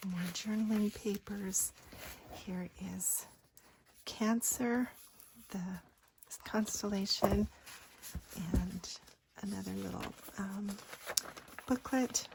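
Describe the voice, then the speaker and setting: A woman narrating a craft journal flip-through in a gentle voice that often drops into a breathy whisper. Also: medium pitch, fairly even intonation, takes it slowly, pauses often. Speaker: craft designer showing a journal. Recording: faint background noise.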